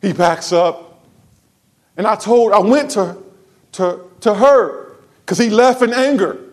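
This pastor takes it slowly as he tells a story during his sermon to the church, his voice shifting from soft, low asides to loud, raised exclamations.

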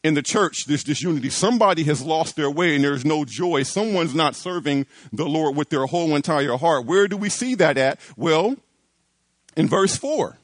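A pastor with a slightly high voice preaches to his church at normal speed, animated, building emphasis with repeated phrases and emphatic rising lines. There's no room sound.

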